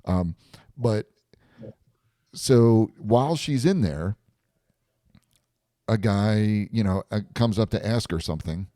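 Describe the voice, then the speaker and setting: A man's voice: fairly low pitch, animated, takes it slowly, pauses often, warm tone, dry recording, studio quality. A man hosting a live stream chat, animatedly retelling a story and laughing often.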